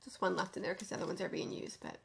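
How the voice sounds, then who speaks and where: A woman hosting a knitting podcast in casual chat, gushing with enthusiasm and often dropping to a soft near-whisper. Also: fairly low pitch, steady tone, rapid-fire, vocal fry, a little hiss or hum.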